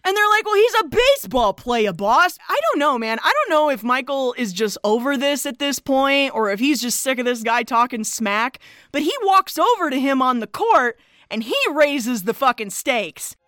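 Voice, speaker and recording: A woman co-hosting a podcast, chatting casually and excitedly as she recaps a movie, with plenty of laughing and swearing. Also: high-pitched, normal speed, no room sound, clean studio sound. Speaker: podcast co-host.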